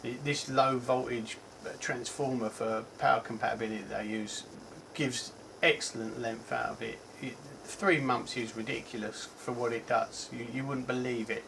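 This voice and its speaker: A mid-pitched English man with a Cockney accent reviews a gadget casually, chatting and rambling with frequent ums and self-corrections. He speaks at a moderate pace in a steady tone with vocal fry, barely pausing. A faint hiss runs under the recording.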